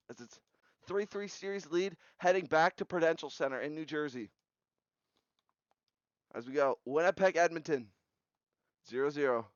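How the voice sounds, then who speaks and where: A young man with a fairly high, smooth voice recaps simulated hockey playoffs, firing off scores in short bursts. The sound is close and dry, slightly dull and lo-fi. His energy jumps at big goals. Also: fairly bright tone, no room sound. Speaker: video game simulation commentator. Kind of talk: play-by-play recap commentary.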